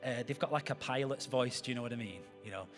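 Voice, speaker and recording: A man's voice: medium pitch, fairly even intonation, fast, music in the background. A man, a pastor giving a sermon in a chatty way, with joking asides to the congregation.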